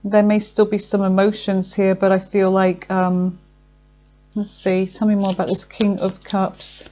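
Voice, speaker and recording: A woman's voice: mid-range voice, monotone, unhurried, a little mellow. A woman giving a tarot card reading, effusive and emotional, thinking aloud with frequent fillers. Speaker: tarot reader.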